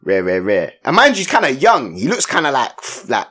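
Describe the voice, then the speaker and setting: Slangy, animated young man, husky voice. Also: mid-range voice, fairly quick. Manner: slangy, animated storytelling with lots of "innit" and "you get me". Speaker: podcast co-host. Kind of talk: casual storytelling chat.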